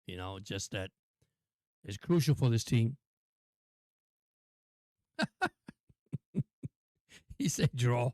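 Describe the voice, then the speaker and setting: A man calling a football game play-by-play for a live stream in a casual, excitable, chatty way. His voice is mid-pitched and dry, close to the mic. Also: extremely slow, pauses often, no room sound. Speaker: sports stream host.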